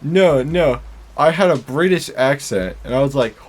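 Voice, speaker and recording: A man's voice: medium pitch, animated, normal speed. A young man co-hosting a casual podcast, joking and laughing a lot. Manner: laughs often, jokey. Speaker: podcast co-host.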